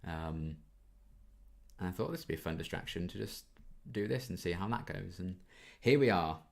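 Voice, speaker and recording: A young male YouTube reaction channel host in his twenties reads viewer questions aloud during a casual Q&A and chats through his answers, with plenty of ums. He has a deep, creaky voice with lively intonation at normal speed.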